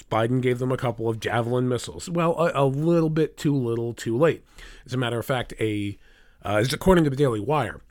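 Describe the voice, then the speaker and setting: A man rants through a sarcastic, profanity-laced political commentary, combative from start to finish. His voice sits at a typical middle pitch for a man. The recording is dry and close, with no room sound. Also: no room sound. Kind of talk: opinion rant.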